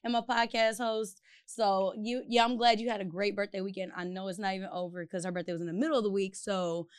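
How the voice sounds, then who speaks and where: A woman's voice: medium pitch, steady tone, fast talker, smooth, no echo. A young adult woman hosting a podcast, ranting outspokenly and swearing in casual chat. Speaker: podcast host.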